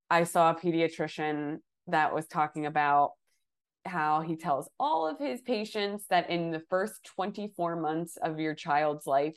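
A young woman co-hosting a casual podcast chat, speaking while sick with a hoarse voice, candid and swearing casually. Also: low-pitched. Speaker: podcast co-host.

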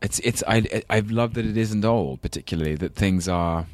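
A man with a London English accent talks as a guest on a talk show, thoughtful and rambling, quick to laugh. His voice is very low and the sound is dry and close. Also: no echo. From England. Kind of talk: casual chat.

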